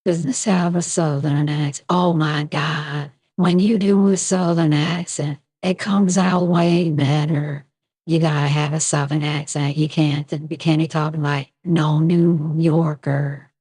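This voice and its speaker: A streamer talking through an AI voice changer that turns the voice into a low, husky woman's voice, chatting wryly during a live stream. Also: level tone, a little slow, few pauses, a little mellow, dry recording.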